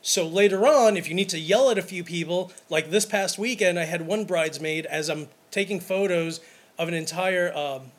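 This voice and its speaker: A wedding photographer in casual podcast chat, telling stories emphatically and acting them out, with plenty of false starts. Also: male voice, sits high, normal speed. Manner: animated, emphatic storyteller who acts out scenes; talks in repeated false starts.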